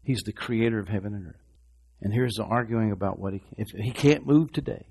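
Here a pastor preaches in a slightly fast, creaky male voice with a breathy edge. His sermon swings from quiet and low to loud and shouted, with phrases repeated for emphasis.

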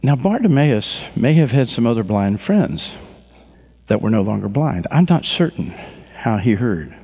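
Pastor guy preaching hard, mid pitch, fervent, acts out the people in his stories. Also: sing-song, dark tone, long reverb tail. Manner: slow, drawn-out prayer at the close. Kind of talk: sermon.

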